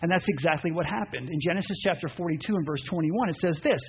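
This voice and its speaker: A man preaching a sermon, animated, acting out voices and reading scripture aloud. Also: fairly high pitch, fast talker. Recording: dull muffled sound with faint noise.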